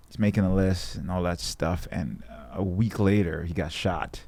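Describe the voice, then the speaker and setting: A man's voice: sits low, fairly even intonation, normal speed, hardly any pauses, darkish tone. A man in his thirties from Jamaica, a guest in a casual interview, talking reflectively and acting out the voices he quotes. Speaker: guest fighter.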